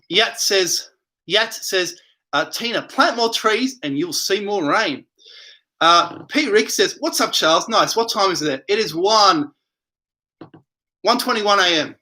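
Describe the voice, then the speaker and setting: A man's voice: high-pitched, pushed and bright. A man hosting a casual late-night livestream from home, reading viewer comments aloud and rambling in reply. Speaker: livestream host reading chat.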